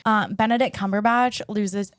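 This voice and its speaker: A woman's voice: medium pitch, fairly even intonation, normal speed, no room sound, clean studio sound. A young woman co-hosting a casual comedy podcast, enthusiastic and slangy, making emphatic points. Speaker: podcast co-host.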